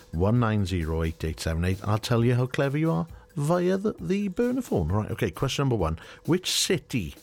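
A middle-aged man with a very low, deep voice, talking into a studio microphone as a radio DJ. He chats casually and jokily, chuckling as he reads out a quiz, while faint music plays underneath. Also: darkish tone. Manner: chatty, jokey, chuckling.

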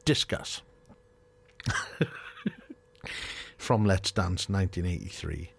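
A man's voice: sits low, lively intonation, unhurried, a little mellow. A middle-aged man, hosting a radio show in a studio, chatting casually and running a quiz in a jokey, chuckling manner.

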